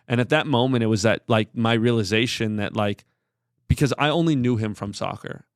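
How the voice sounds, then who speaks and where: A man's voice: mid-range voice, a little fast, no echo, clean studio sound. A man in his thirties, a podcast guest, sharing a personal story in an earnest, rambling way with many filler words. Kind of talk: candid conversational storytelling.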